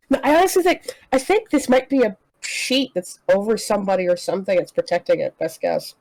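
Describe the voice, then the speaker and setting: A woman player in an online tabletop game talks with a high, lively voice that swings all over its range. She sounds excited and laughs often. The recording is close and dry. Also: dry recording. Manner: excitable, laughing, quick back-and-forth. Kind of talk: casual tabletop game chat.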